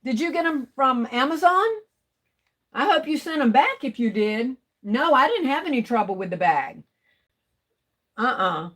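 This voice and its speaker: A woman's voice: high-pitched, sing-song, a bit bright. Chatty woman on a craft livestream. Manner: chatty, drawn-out, talks to viewers. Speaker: craft vlogger. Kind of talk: casual livestream chat.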